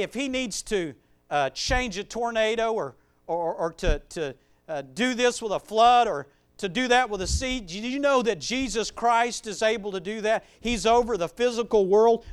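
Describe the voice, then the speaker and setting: A man with a high, smooth and resonant voice preaches a sermon. He reads scripture, then builds to loud, emphatic preaching. He drops into chatty asides full of fillers and restarts. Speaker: pastor.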